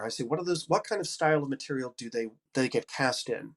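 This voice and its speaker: A man's voice: mid-range voice, lively intonation, fast talker, few pauses. Upbeat man with a head cold. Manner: generous, upbeat, encouraging. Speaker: audiobook narrator and coach. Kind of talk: conference talk.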